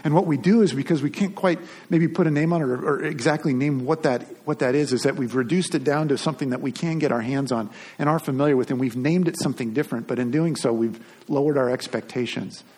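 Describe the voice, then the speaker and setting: A man's voice: medium pitch, fast talker, few pauses, a little mellow, breathy edge. A man giving a Sunday sermon as pastor, talking in a conversational way with frequent restarts and repeated words.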